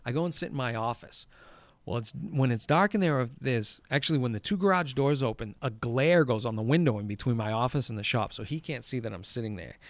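A man tells a rambling story in casual chat, swearing freely and acting out the shouted lines. His voice sits at an ordinary middle pitch. The recording is dry and close, with no room sound. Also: fairly quick, no echo. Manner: profane, animated, acts out shouted quotes. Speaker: golf course superintendent.

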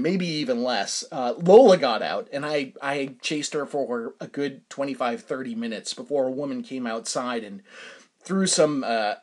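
A man hosting a podcast, telling a story in a casual chatty way, laughing often and stumbling over fillers and restarts. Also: mid-range voice. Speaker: podcast host.

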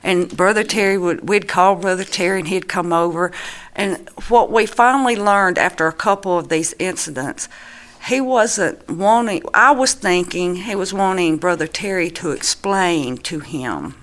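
Mom telling her story, kinda low voice, earnest, stops and restarts a lot. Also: fairly bright tone. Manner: earnest, halting, with many restarts. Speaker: grieving mother giving testimony. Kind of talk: personal testimony.

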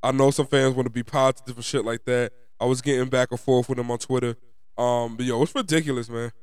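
A man's voice: mid-range voice, fairly even intonation, fast, clear, resonant tone, no room sound, clean studio sound. Ranting young man with a New York accent. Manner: frustrated, profane, emphatic ranting. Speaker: sports fan vlogger. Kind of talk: ranting fan commentary.

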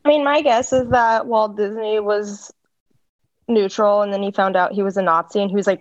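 A woman co-hosting a podcast, deadpan and wry, dropping dark jokes in casual chat. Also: medium pitch, moderate pace, no room sound. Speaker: podcast co-host. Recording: slightly dull, lo-fi mic.

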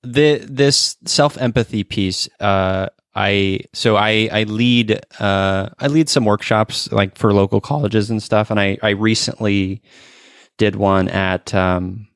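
A man's voice: lowish voice, slow, no echo, clean studio sound. A man of forty hosting a casual interview, talking earnestly with frequent restarts and fillers. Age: 40s. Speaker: podcast host.

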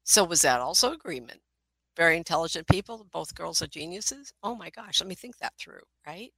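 A middle-aged woman, a psychic, telling personal stories in an animated way, with frequent laughter and asides. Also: lowish voice, brisk, gravelly, husky, no room sound, low-quality recording. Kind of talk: storytelling talk.

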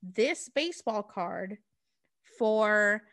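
A woman's voice: mid-range voice, animated, drawn-out words, a bit bright, exaggerated voice. A woman doing a naive, eager young man.

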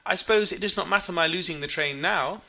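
A cheerful, fussy old woman, a sea captain's wife, speaks in a lifted, bright, homely voice, as a man reading the story puts her on. She sounds kindly and busy in this storybook reading. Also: on the high side, animated, normal speed, voice pushed up, heavily acted. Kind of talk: audiobook reading.

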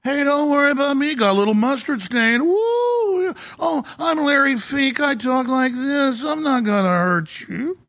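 A falsely sweet older rich man, put on by a male talk host, coos in a raised, mocking singsong. The voice is gravelly and bright, and the innocence is plainly fake. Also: very high voice, lively intonation, unhurried, hardly any pauses, pitched above the performer's own voice, full character voice.

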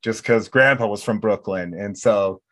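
A chatty middle-aged host from North Dakota swaps stories in an easygoing conversation, acting out each exchange he quotes. His voice runs on the low side with a fairly bright tone, at normal speed.

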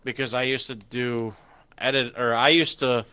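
Young man, podcast host, bright crisp voice, laid-back and halting. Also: medium pitch, steady tone, dry recording. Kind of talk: casual podcast chat.

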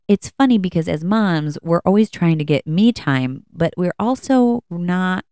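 Low, gravelly woman podcast host. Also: dark tone, no room sound, studio quality. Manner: candid, chatty, with many fillers and restarts. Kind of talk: casual personal talk. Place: at home.

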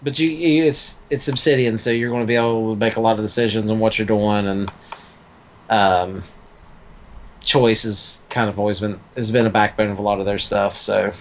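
Low-voiced man, slightly muffled recording. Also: fairly even intonation, moderate pace, slight background noise. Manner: easygoing, hedging, mild cursing. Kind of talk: casual gaming chat.

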